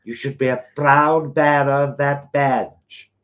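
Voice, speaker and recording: A man's voice: medium pitch, steady tone, pitched above the performer's own voice, close to an everyday voice. A man voicing a formal, pompous 1940s male newsreader. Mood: grandly formal. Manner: plummy, slow and grand. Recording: dull lo-fi sound.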